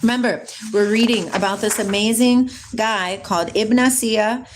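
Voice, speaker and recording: A woman's voice: a little high, fairly even intonation, moderate pace, background noise. A woman hosting a casual spiritual livestream. She reads aloud, greets viewers by name, laughs often and drifts off on tangents. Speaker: livestream host reading viewer comments.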